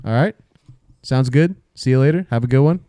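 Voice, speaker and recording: A man's voice: medium pitch, fairly quick, noisy background. A man co-hosting a casual podcast, cracking blunt jokes and running through show plugs full of "uh" and "um". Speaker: podcast co-host. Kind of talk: casual chat.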